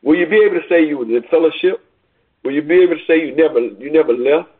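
A man's voice: on the high side, quick pace, husky. A man preaching a sermon, repeating himself and building to rising, urgent questions. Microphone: phone call line. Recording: tinny phone line.

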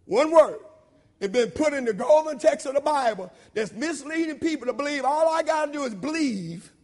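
A man with a very high voice preaching a sermon. He hammers points home by repeating words and swings from loud shouted emphasis down to low murmured asides, all in a loose, conversational way. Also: expressive, moderate pace. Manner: informal conversational preaching with repetition.

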